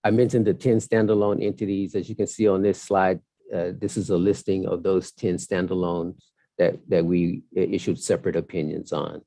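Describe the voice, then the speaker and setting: A man, a partner at an audit firm, giving a measured, formal presentation of audit results at a council hearing over a video call. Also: low-pitched, flat delivery, dark tone, no room sound. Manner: measured, formal, with some fillers.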